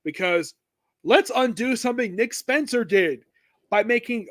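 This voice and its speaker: A man's voice: extremely high pitch, lively intonation, a little slow. A man co-hosting a casual comic book discussion, rambling and hesitant with many restarts. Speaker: podcast co-host.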